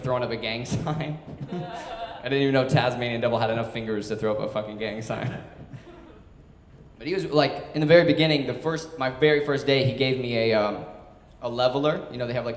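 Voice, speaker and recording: A man in his twenties tells a story live on stage in a loose, chatty way, laughing as he goes. His voice sits at a middle pitch and rings out with a long reverb through a large hall. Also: brisk, a little hiss or hum. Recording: echoey hall.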